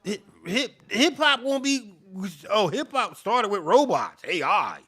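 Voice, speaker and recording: A middle-aged man delivers a heated, profane rant straight to camera, circling back to the same points again and again. His voice sits high, with a bright, forceful edge. He sounds worked up and sweating as he keeps pushing on. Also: very animated, a little slow, slightly rough. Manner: profane, repetitive, fired-up. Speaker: beatmaker.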